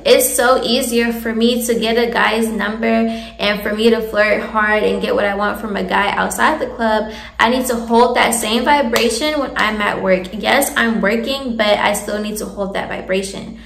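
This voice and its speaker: A woman's voice: medium pitch, vocal fry, a bit bright, echoey room. A young woman in a casual, candid advice chat, chatty and laughing often. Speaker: vlogger giving advice.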